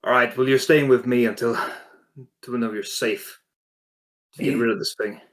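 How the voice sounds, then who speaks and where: A man's voice: mid-range voice, fairly even intonation, normal speed, a bit bright. A man playing a character in a tabletop role-playing game, casual and joking. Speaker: player.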